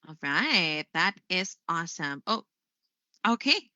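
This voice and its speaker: A woman teaching an English lesson on a live stream. She speaks slowly and expressively, laughing often. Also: on the low side, dry recording. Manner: slow, expressive delivery with frequent laughs. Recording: slightly muffled stream audio.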